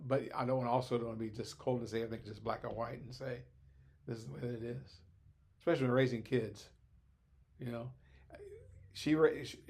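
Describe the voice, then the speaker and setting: An older man with a mid-range voice talks through his ideas as a podcast guest. He is thoughtful and unhurried, circling back with pauses and restarts as he explains himself. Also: medium pitch, a little mellow. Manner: thoughtful, rambling, frequent hesitations. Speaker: guest, former teacher. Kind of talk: conversational podcast discussion.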